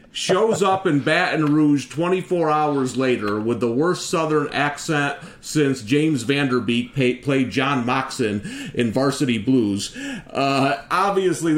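A man hosting a casual podcast chat, upbeat and quick to laugh. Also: a little high. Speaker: podcast host. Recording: echoey room sound.

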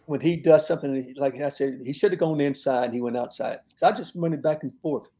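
An older man, a longtime football coach, telling relaxed stories in an interview and laughing at his own tales. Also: mid-range voice, fast talker. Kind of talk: storytelling in an interview.

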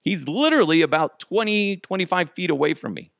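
A man from Colorado hosts a casual podcast, rambling through a funny story, laughing often and acting out what people said, and he reads ad copy in a hyped pitch. His voice is fairly bright and fairly quick, with lively intonation and vocal fry. The studio sound is clean with no echo.

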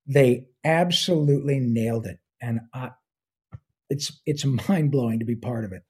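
A man's voice: medium pitch, moderate pace, breathy edge. A man in his sixties, a voice actor talking as an interview guest, enthusiastic and rambling, with plenty of fillers. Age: 60s. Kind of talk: casual interview talk.

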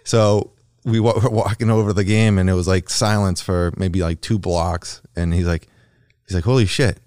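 A man, co-hosting a podcast and telling a story in a chatty, animated way. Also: deep voice, normal speed, clean tone, no room sound, studio quality. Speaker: podcast co-host. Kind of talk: casual storytelling.

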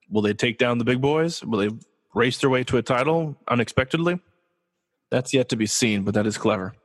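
A man from Los Angeles, USA, hosts his own sports talk show as a podcast, keeping things casual and joking while posing rhetorical questions to himself. His voice sits in the mid range and has a big-room sound.

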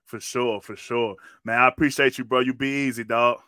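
Bright, smooth-voiced laid-back man hosting. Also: mid-range voice, steady tone, normal speed, no echo, clean studio sound. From Washington, D.C. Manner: laid-back slangy, says man a lot. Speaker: podcast host. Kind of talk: casual interview.

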